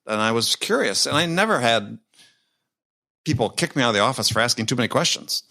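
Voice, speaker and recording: A man with a mid-range voice, hosting a podcast in casual conversation. He speaks in a relaxed, plainspoken way and offers short agreements as his guest talks. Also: mid-range voice, fairly quick, gravelly. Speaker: podcast host.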